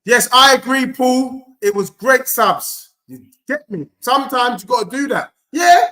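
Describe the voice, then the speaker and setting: A man reacting live to a football match as a fan streamer, excitable and shouting, his voice going hoarse. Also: extremely high pitch, echoey room. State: losing his voice.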